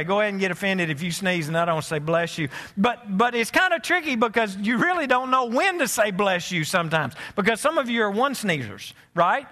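A man's voice: high-pitched, pushed and bright, in a large hall. A man with a Southern US accent preaching a sermon as pastor, folksy and joking, often restarting his sentences. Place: church sanctuary.

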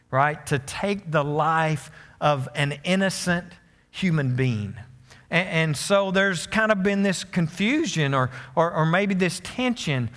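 A man's slightly high, rather bright voice fills a large hall as he preaches a sermon in the church sanctuary. Folksy storytelling drives his delivery, punctuated by frequent restarts and asides to the congregation.

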